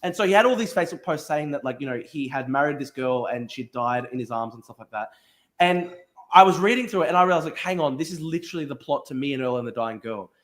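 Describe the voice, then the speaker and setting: A young Australian man hosting a podcast, telling a story in casual chat with lots of restarts and swearing. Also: a little high. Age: young adult. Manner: rapid, animated, with frequent restarts and swearing. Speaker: podcast host.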